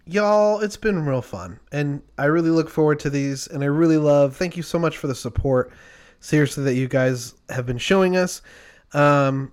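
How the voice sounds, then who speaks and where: A man's voice: on the high side, smooth. A man co-hosting a podcast, upbeat and casual, thanking listeners. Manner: upbeat, quick to laugh. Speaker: podcast co-host. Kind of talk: casual chat.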